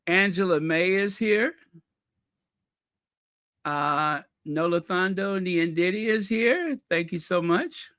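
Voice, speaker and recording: A man's voice: on the high side, a bit bright, clean tone, dry recording, studio quality. A man hosting a casual livestream, greeting viewers by name from the chat with playful, mock-posh asides. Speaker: channel host greeting live chat.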